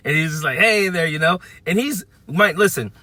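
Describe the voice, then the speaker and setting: A fifty-year-old man tells a story to camera from his parked car, animated, slipping into what people said and restarting his sentences. His voice sits a little high and comes out bright and forceful, recorded dry and close. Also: brisk, dry recording. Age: 50s. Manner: animated, acts out quotes, frequent restarts. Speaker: vlogger. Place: parked at a car charging spot by a busy street.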